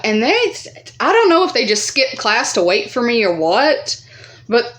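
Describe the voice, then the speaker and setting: Woman vlogger, casual storytime delivery: loose, rambling, heavy on fillers and cursing. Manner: rambling, profane, many fillers; acts out quoted voices higher and louder.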